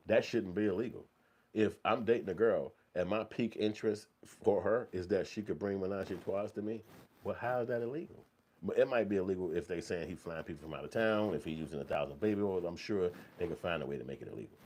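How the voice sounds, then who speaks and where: A man's voice: low voice, fairly quick, a little mellow, slightly rough. A man giving heated, profanity-laden commentary in a blunt, repetitive rant.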